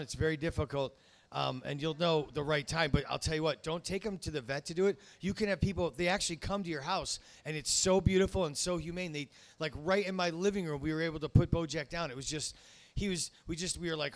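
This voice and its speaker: Rambling wisecracking male stand-up host. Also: fairly high pitch. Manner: rambling, self-interrupting wisecracks. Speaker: comedy show host. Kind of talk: stand-up comedy. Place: comedy club stage.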